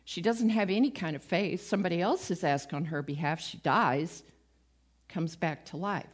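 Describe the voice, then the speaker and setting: A woman's voice: on the low side, moderate pace. A woman giving a conversational sermon, retelling stories with acted-out quotes and a light, self-mocking humor. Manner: lively storytelling, acts out quoted voices, laughs at herself. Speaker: preacher.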